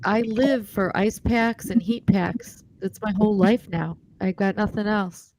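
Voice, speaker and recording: A woman's voice: mid-range voice, fairly even intonation, measured pace, a little mellow, a little hiss or hum. A woman from the northern US, a chatty, self-mocking panelist on a livestream video call. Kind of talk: casual livestream panel chat.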